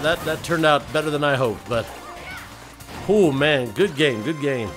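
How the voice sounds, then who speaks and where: With music going behind him, a young male streamer chats loosely through his live gameplay, reading out viewers' messages and sometimes yelling with excitement. He speaks at a medium pitch.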